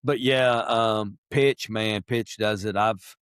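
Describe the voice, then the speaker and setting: Animated man telling hunting stories. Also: fairly low pitch, takes it slowly, clean tone, no room sound, studio quality. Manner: animated storyteller, imitates owl calls. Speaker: podcast guest, wildlife biologist. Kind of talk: casual interview chat.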